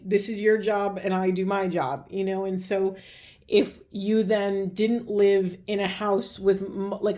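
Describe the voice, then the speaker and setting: A woman with a mellow, soft-edged voice gives a spiritual card reading. She wanders from thought to thought and reaches for words with plenty of fillers, and her voice is getting slightly hoarse. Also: mid-range voice. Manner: meandering, searching for words with many fillers. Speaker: tarot reader.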